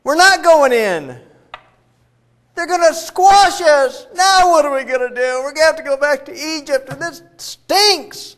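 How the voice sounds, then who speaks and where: A man voicing a crowd of Israelites who whine loudly and dramatically, pitched well above his normal voice. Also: expressive, a little slow, full character voice. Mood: panicky. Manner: loud, whiny, exaggerated. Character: crowd of excited then panicky Israelites.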